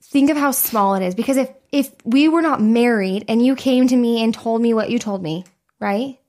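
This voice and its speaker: A woman's voice: on the high side, moderate pace, a little mellow. A woman co-hosting a podcast, talking frankly and candidly in casual chat, with free swearing. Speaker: podcast co-host.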